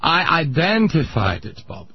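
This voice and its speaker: A man's voice: fairly high pitch, very animated, measured pace, slight background noise. A man voicing a pompous older Viennese psychiatrist in a radio comedy bit, lecturing in a thick mock-German accent. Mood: smug. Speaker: comedy sketch character. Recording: muffled radio broadcast.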